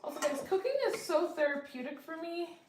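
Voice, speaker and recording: A woman's voice: very high-pitched, brisk, heavy background noise. A young woman chatting casually to her viewers while cooking in her home kitchen, full of fillers and asides. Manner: chatty, many fillers, talks to viewers directly. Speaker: cooking vlogger.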